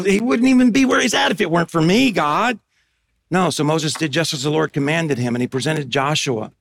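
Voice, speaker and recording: A middle-aged man preaching a sermon as pastor, animated, swinging between loud emphatic bursts and hushed asides. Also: on the high side.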